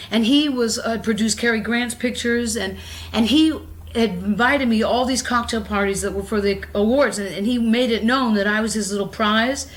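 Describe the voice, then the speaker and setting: A woman in her fifties tells long, wandering stories to an interviewer in her own home. Her voice sits a little high, and she is blunt and profane, often breaking into laughter. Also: normal speed. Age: 50s. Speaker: actress being interviewed. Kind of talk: candid rambling storytelling.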